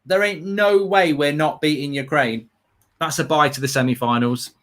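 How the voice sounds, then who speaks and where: An English man co-hosting a live football watchalong, chatting casually with animated, sweary banter and loud outbursts. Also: a little high, moderate pace. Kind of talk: casual live match chat.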